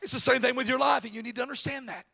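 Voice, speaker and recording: A man preaching a sermon to his congregation, swinging between quiet asides and shouted exhortation. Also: very high-pitched, steady tone, very fast, gravelly. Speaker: pastor.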